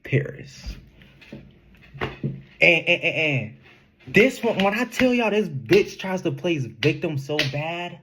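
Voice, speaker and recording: A young man telling a casual storytime in an animated, slangy way, laughing often. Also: high-pitched, slow pace, slight background noise. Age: young adult. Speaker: vlogger.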